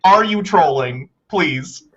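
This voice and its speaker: A woman co-hosting a live call-in show, quick and sardonic with bursts of laughter. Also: sits low, animated, breathy edge, highs cut off. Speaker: co-host.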